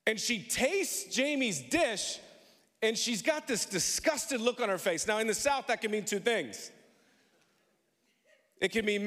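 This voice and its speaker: A man preaching in a church, with a high, bright voice that carries a long reverberation through the hall. He tells stories with humor and calls on the congregation to answer him back. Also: lively intonation, measured pace. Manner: storytelling with humor, call-and-response with congregation. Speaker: pastor. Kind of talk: sermon. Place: church sanctuary.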